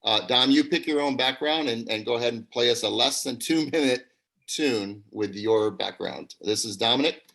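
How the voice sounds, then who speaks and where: A man, an acting teacher, hosting a live improv show over a video call, upbeat and quick, laughing often. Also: medium pitch, vocal fry, fairly bright tone.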